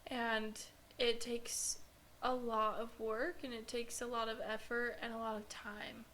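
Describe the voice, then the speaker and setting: A woman with a fairly high voice talks as a podcast guest. She tells her story earnestly, leaning on "like" as she goes. A faint hiss sits under her voice. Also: flat delivery, unhurried, fairly bright tone. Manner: earnest, filler-heavy storytelling with frequent "like". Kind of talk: casual podcast conversation.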